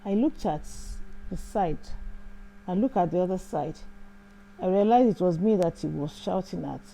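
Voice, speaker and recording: A woman's voice: lowish voice, normal speed, creaky, warm tone, low-quality recording. A woman hosting a show, telling a personal faith testimony in a reflective way, often repeating phrases. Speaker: host.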